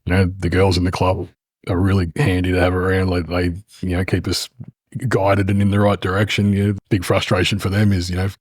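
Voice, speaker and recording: An Australian man hosting a podcast, chatting in a relaxed, rambling way. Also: low voice, brisk, no echo. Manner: relaxed, rambling, many fillers. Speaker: podcast host. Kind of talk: casual podcast chat.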